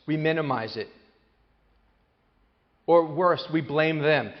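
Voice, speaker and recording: A man with a fairly high voice lectures a live audience, switching into playful quoted voices to make his points. The sound is muffled and lo-fi, with a long reverb from a large hall. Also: measured pace, pauses often. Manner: animated, acts out quoted voices with jokes. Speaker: speaker on parenting.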